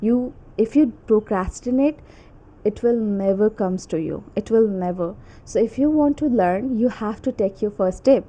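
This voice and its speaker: A woman's voice: mid-range voice, lively intonation, moderate pace, mellow. A young woman hosting her own English learning channel, chatting casually and a little nervously, often adding "okay?" and "like". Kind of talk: casual self-made pronunciation lesson.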